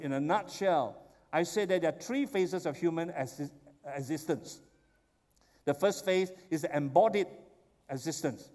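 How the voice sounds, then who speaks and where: Male pastor, high pitched, animated sermon delivery, church hall echo. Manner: animated storytelling, rises to excited exclamations. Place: church sanctuary. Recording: long church hall reverb.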